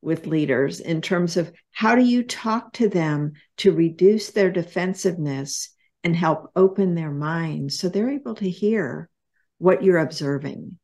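Low-voiced woman hosting a podcast. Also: unhurried, darkish tone. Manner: thoughtful, affirming listener. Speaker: podcast host. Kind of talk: interview questions.

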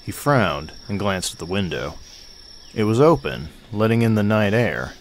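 A man reading a short story aloud at a measured, steady pace. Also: on the low side, a little hiss or hum. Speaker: narrator.

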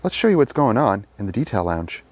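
A man with a somewhat low voice talks through his day in a detailing shop. He explains things in a relaxed, unhurried vlog manner, with the odd "uh" and "you know". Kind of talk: casual vlog narration.

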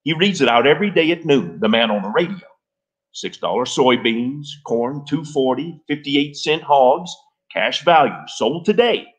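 A man's voice: mid-range voice, expressive, moderate pace, breathy edge, pitched above the performer's own voice. A man voicing an earnest old rancher in a literary reading, talking in folksy rural grammar.

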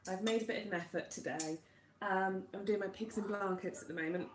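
A young woman from Wales chatting quickly on a live stream from her home kitchen, greeting viewers by name while she cooks, recorded on a tablet. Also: mid-range voice, echoey room, slight background noise. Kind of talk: casual live-stream chat. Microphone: tablet camera.

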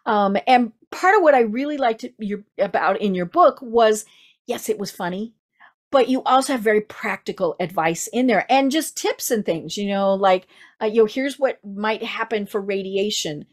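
A woman with a Midwestern American accent and a mid-range voice hosts a podcast interview at normal speed. The casual chat is full of fillers and restarts.

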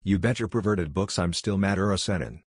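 A man's voice: deep voice, fairly quick, breathy edge, no echo, studio quality. A man reading a brash cocky teen ninja. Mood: mocking. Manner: yelling, mocking.

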